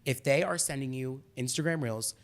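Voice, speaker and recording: A man co-hosting a podcast in casual chat, telling animated stories that swing between loud and hushed. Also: mid-range voice, normal speed. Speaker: podcast co-host.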